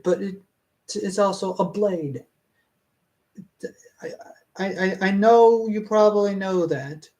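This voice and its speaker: A man with a fairly high voice reads a fan story aloud and comments on it in a casual way. He talks slowly, stops and restarts his sentences, and laughs often. He sounds exasperated. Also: a little mellow. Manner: exasperated, halting, self-interrupting. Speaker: reader reviewing a fan story.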